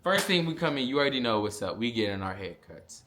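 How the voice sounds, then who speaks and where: A young man, telling a casual storytime vlog with lots of fillers and animated asides. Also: mid-range voice, a little fast, few pauses, a little hiss or hum. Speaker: vlogger.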